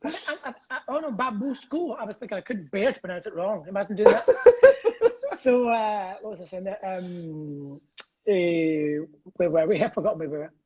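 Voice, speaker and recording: A Scottish man chatting as a comedian guest on a video call from home, animated and rambling, laughing through his stories. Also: high voice, fairly quick, dull audio. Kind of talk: casual video-call chat.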